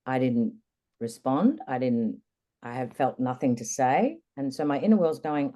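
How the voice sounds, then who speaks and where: A woman guest in an interview, candidly recounting a personal experience in a reflective, lively way. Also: extremely low pitch, measured pace. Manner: candid, reflective, animated retelling. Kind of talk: personal storytelling in conversation.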